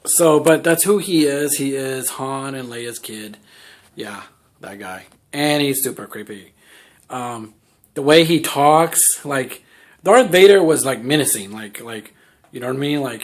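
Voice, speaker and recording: A man casually reviewing a movie in a vlog, rambling with constant "like" and "um" fillers. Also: mid-range voice.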